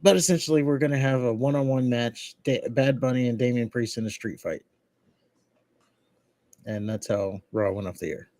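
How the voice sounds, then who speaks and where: A man's voice: mid-range voice, normal speed, darkish tone, no room sound. A man co-hosting a podcast, recapping a wrestling show in casual, rambling chat with restarts and laughs. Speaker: podcast co-host.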